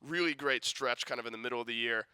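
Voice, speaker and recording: Male esports analyst, very bright tone, chatty with restarts. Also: medium pitch, fast, clean tone, dry recording. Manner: conversational, many restarts and fillers.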